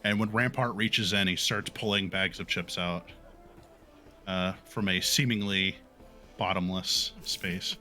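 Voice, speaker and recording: A man narrating as game master in a tabletop game, halting with many fillers, his voice a bit sore. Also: deep voice, fairly even intonation, pushed and bright, faint music behind.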